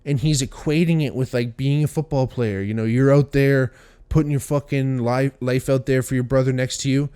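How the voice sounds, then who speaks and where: A man's voice: mid-range voice, smooth. A young man hosting a podcast, telling a story casually and animatedly, swearing often and acting out what people said. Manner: profane, animated storytelling with voiced quotes. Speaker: podcast host.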